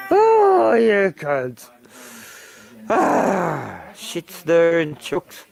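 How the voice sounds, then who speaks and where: Aussie bloke vlogging from his yard, slow and cussing, voice leaps up high to yell, drops soft for the dogs. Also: animated. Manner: sweary, ranting, yells at roosters, coos to his dogs. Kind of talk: casual outdoor rant to camera. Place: outdoors in a rural yard.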